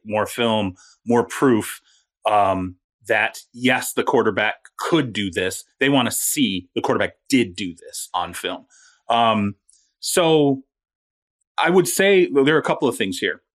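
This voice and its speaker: Brief: low-pitched male sports reporter, animated and chatty. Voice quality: animated, storytelling. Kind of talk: casual sports talk.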